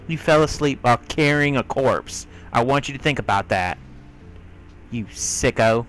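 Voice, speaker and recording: A man's voice: medium pitch, animated, moderate pace, a bit bright, faint music behind. A man giving let's play commentary, exasperated and scolding the characters in his game. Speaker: gamer.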